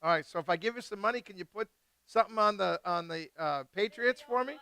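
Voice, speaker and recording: A man hosting a live wine tasting, chatting casually and excitedly with guests and swearing freely. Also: sits high, fast, clean tone. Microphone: live stream mic.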